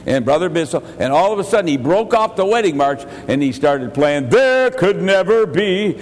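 A man's voice: fairly high pitch, animated, fairly quick. Older male pastor preaching in a reverberant hall. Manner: folksy storytelling, chuckles, bursts louder for emphasis. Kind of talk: sermon.

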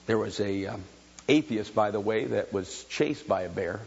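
A man preaching a sermon, moving between quiet storytelling and loud, shouted exhortation. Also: fairly low pitch, normal speed, gravelly, slight background noise. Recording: dull lo-fi sound with long hall reverb.

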